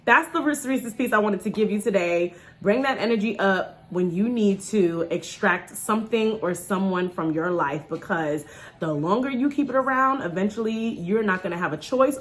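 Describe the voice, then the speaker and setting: A woman in her thirties, from New York, talking casually to camera in a vlog, nervous and joking before a dental procedure. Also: normal speed. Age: 30s. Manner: chatty and joking, lively swings in pitch. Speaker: vlogger.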